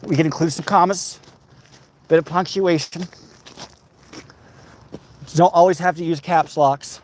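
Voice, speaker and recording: A man's voice: on the high side, fairly even intonation, measured pace, darkish tone, slight background noise. A man livestreaming while walking outdoors, reading viewer comments aloud and bantering with his chat.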